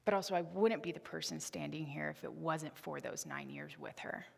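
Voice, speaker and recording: This is a woman in her twenties preaching in a church sanctuary, offering a candid, conversational sermon that includes a personal story. Her low voice is creaky with a breathy edge, her pace moderate, and the hall's reverb is clear on the recording.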